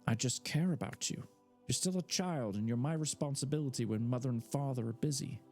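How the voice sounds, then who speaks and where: Exasperated big sister, high and pushy, voiced by a male narrator. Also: lively intonation, moderate pace, warm tone, soft background music, close to an everyday voice. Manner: scolding, exasperated. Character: young teen girl, bossy protective older sister.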